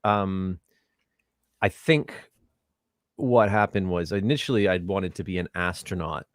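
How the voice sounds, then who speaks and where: A middle-aged man with a low voice talks through a home microphone on a video call, and the sound is close and dry. He tells stories in a rambling way, mocks himself and turns lively when he reaches a punchline. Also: unhurried, dry recording. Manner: rambling, self-deprecating, animated storytelling. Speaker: guest, theatre artistic director. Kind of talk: casual interview over video call. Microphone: home USB microphone on video call.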